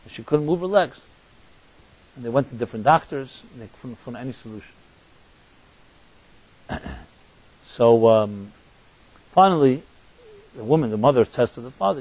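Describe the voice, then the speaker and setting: Husky rabbi telling a story. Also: male voice, mid-range voice, expressive, moderate pace, long pauses, darkish tone, low-quality recording. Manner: conversational, full of restarts and asides to the audience. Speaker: rabbi and teacher. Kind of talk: sermon with storytelling.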